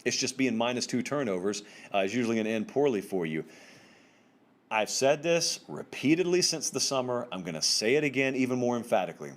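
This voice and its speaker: A man's voice: expressive, fairly quick. A man hosting a solo college football commentary show, talking to viewers in an emphatic, conversational way with casual slang. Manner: emphatic, conversational, pitch swings up for stress; informal slang and direct address to viewers.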